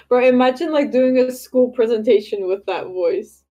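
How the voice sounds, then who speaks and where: A woman in a casual podcast chat, excitable and quick to swear and laugh. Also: on the high side. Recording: dull lo-fi mic.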